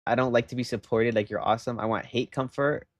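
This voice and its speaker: Animated young male streamer ranting. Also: medium pitch, fast, no room sound, clean studio sound. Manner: animated, rambling, emphatic, says "bro" and "okay?". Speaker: livestreamer. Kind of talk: casual livestream chat.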